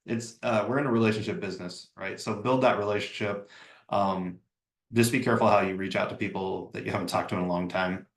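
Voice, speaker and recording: Guy running a realtor training call, chatty, kinda lowish voice, roomy echo. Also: fairly even intonation, brisk. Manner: casual, talkative, acts out sample phone messages. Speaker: real estate trainer. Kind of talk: live online training session.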